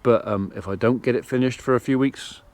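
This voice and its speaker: A man's voice: medium pitch, brisk, a little mellow. A middle-aged man, a farmer vlogging casually outdoors as he feeds his animals and chats away to them. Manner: chatty, talks to his animals while feeding them. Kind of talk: casual vlog while doing farm chores. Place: farmyard outdoors.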